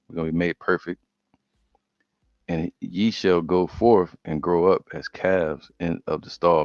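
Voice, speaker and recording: Man with a really low voice going through bible verses, slow reading then chatty asides, dull lo-fi audio. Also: darkish tone, no room sound. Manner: reads verses slowly, breaks into casual commentary. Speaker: preacher teaching scripture. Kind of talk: scripture study sermon.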